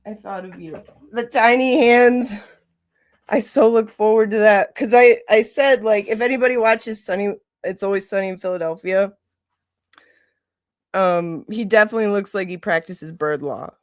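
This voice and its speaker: A woman hosting a casual livestream, gushing and excitable, gasping and laughing often. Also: mid-range voice, moderate pace, no echo, clean studio sound. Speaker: livestream host.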